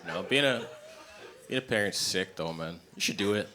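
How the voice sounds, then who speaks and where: Profane, animated male stand-up comic. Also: low-pitched, moderate pace, a crowd in the background. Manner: blunt, profane, animated storytelling. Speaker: stand-up comedian. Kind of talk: stand-up comedy set. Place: comedy club stage. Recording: live comedy club, noisy ambience.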